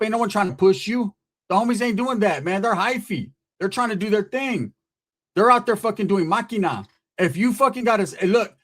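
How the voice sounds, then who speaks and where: A man's voice: high voice, fairly bright tone. A man hosting his own channel, delivering a profane, taunting roast of a rival in a casual, street-slang rant to the camera. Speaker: channel host.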